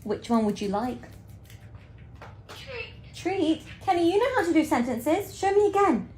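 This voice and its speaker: A woman's voice: extremely high pitch, big pitch swings, measured pace, a little mellow. A woman coaxing her pet in a sing-song, encouraging way. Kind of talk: talking to a pet.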